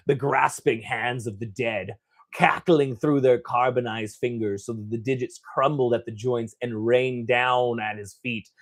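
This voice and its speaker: A man hosting a gaming channel, casually reading a novel aloud, stumbling over words and breaking off with joking asides. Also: medium pitch.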